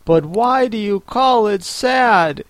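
A man's voice: high-pitched, lively intonation, slow, no room sound, pitched above the performer's own voice. A man voicing a curious, polite young girl in a storybook reading. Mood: puzzled.

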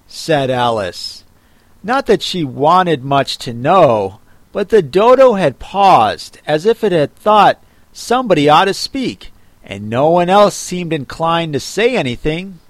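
A man narrating a storybook audiobook in a measured, expressive way. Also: on the high side, no echo.

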